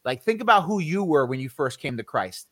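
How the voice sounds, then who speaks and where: A man with a slightly high voice teaching scripture on a casual faith podcast, emphatic and a little preachy, dropping slang as he goes. His voice sits dry and close, with no room around it. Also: big pitch swings, a little fast, fairly bright tone, dry recording. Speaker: podcast co-host.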